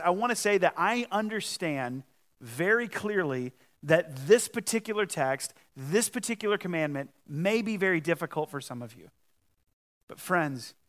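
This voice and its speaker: A man's voice: a little high, fairly bright tone. A man, the lead pastor, preaching a sermon in a conversational storytelling manner.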